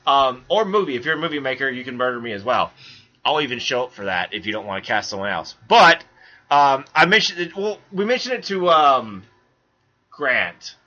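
A man's voice: medium pitch, normal speed, lo-fi sound. A man hosting a podcast in casual chat, rambling and restarting as he tells stories. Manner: rambling, stumbling restarts, animated storytelling. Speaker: podcast host.

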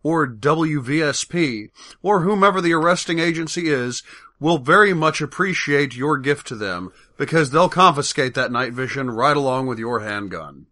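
Podcast guy with a bright voice making his point, kinda wry. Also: a little high, lively intonation, moderate pace. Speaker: podcast co-host. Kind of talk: casual commentary.

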